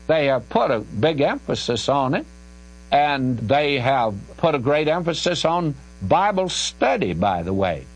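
Folksy older teacher. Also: male voice, mid-range voice, husky, rough recording. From American South. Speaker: Bible teacher. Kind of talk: radio Bible question-and-answer.

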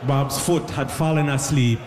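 A man's voice: mid-range voice, fairly even intonation, normal speed, a loud crowd, heavy background noise. A man performing a stand-up comedy set, talking loosely with lots of asides. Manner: loose conversational delivery with many asides. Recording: live stage with long hall reverb.

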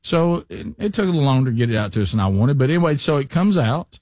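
A middle-aged man hosts a talk radio show, shifting from a sponsor read into loose, rambling stories full of restarts and fillers. His voice sits at an ordinary pitch for a man. The studio sound is dry and close. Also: sing-song, fast, darkish tone, dry recording. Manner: chatty storyteller, frequent restarts and fillers. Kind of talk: casual talk radio chat and live ad read.

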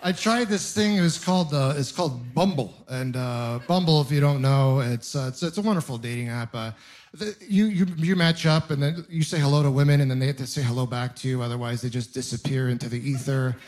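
A man's voice: medium pitch, fairly quick. A man in his thirties doing a stand-up set, telling self-deprecating stories and talking straight to the crowd. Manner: self-deprecating storytelling, animated asides to the audience. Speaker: stand-up comedian. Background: audience laughter.

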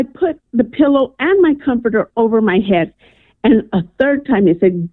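A woman's voice: on the high side, normal speed, no echo. Woman calling in over a tinny phone line. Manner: earnest, animated storyteller, frequent "um" and "I'm like". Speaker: radio caller. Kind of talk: telling a personal story on air. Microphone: telephone.

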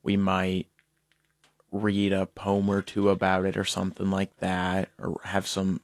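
A young man speaking as a guest on a talk show, hesitant and pausing with fillers while he recalls. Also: low voice, completely flat delivery, no room sound, studio quality. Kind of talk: casual talk show chat.

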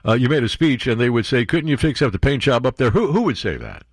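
A man's voice: medium pitch, lively intonation, fast, slightly rough, no echo, studio quality. A man hosting a talk radio show, reading news aloud and breaking in with sarcastic, mocking commentary.

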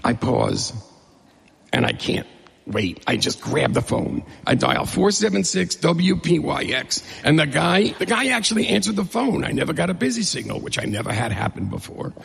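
Middle-aged male storyteller, gravelly and husky, lively and humorous, recorded in a reverberant hall. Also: fairly high pitch, moderate pace. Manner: lively, humorous, acts out dialogue. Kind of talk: personal storytelling to an audience.

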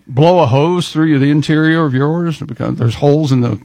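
A man with a slightly high, husky voice reads listener letters on a radio show. He puts playful emphasis on the lines and laughs often. The sound is close and dry. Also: normal speed, warm tone, dry recording. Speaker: radio show co-host reading listener mail. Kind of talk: casual radio banter.

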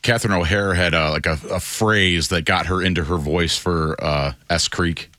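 A man co-hosting a radio show, adding quick jokes and side comments. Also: sits low, steady tone, pushed and bright, no room sound. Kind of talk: casual radio banter.

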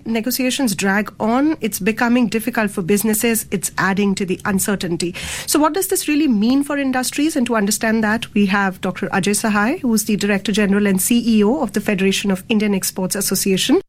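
Business presenter: woman, mid pitch, conversational, steady delivery. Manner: conversational, with ums and you knows. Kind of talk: news report and interview.

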